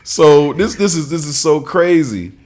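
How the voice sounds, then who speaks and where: A man, a stand-up comedian telling a personal story on a podcast in a lively, acted-out way. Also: fairly high pitch, a little slow. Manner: animated storyteller acting out dialogue, swears freely.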